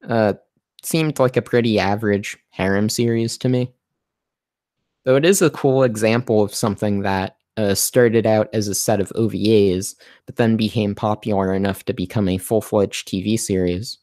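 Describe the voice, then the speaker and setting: A man hosting a casual livestream and answering viewer questions, halting and full of fillers, his voice worn and going hoarse. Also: on the low side, darkish tone, dry recording, studio quality. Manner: halting, many fillers and restarts. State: losing his voice.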